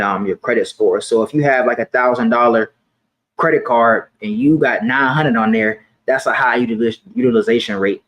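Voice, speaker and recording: A man's voice: medium pitch, rough recording. Guy in his 20s just chatting to camera, chill, slangy, says stuff twice. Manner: relaxed slangy talk, repeats himself. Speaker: personal finance vlogger. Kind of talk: casual talk to camera.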